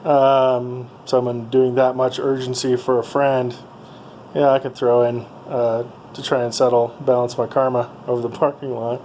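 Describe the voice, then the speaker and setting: A man of middle pitch telling a travel story in a loose, meandering way, full of ums and uhs. A faint hum of noise sits under his voice. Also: flat delivery, normal speed, mellow, low-quality recording. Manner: rambling, lots of ums and uhs. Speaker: vlogger.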